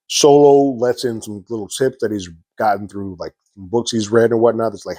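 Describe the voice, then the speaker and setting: A man's voice: fairly low pitch, fairly even intonation, normal speed, hardly any pauses, dark tone, dry recording. A man hosting a TV episode review, recapping scenes in a casual, conversational way with lots of fillers.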